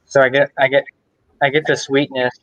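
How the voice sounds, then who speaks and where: A man's voice: medium pitch, flat delivery, brisk, a bit bright, no echo, rough recording. A man tasting beer and describing it in a rambling, casual way as a guest on a video call.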